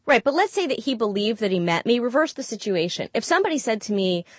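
A woman with a fairly high voice recounts a personal story, candid and animated, acting out each bit of quoted dialogue. The recording is dry and close, with no room sound. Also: fast, slightly rough, no echo. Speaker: guest storyteller.

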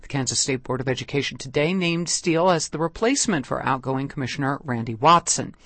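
A local public radio newscaster reading scripted headlines, weather alerts and station IDs in a measured, clear delivery into a studio microphone. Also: medium pitch, lively intonation, fairly bright tone, dry recording.

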